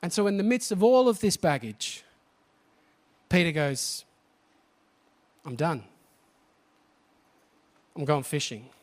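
A man preaching a sermon, animated and often asking the congregation questions. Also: a little high.

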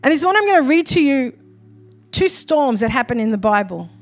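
A woman pastor preaching a sermon in a church, moving from soft, quiet asides to loud, rising exhortation. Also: sits high, big pitch swings, a little fast, soft background music.

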